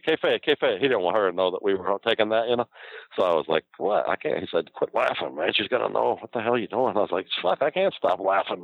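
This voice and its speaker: A former pro wrestler appearing as a guest tells a story in casual conversation, laughing a lot and cursing freely. His voice is lowish and the audio sounds dull.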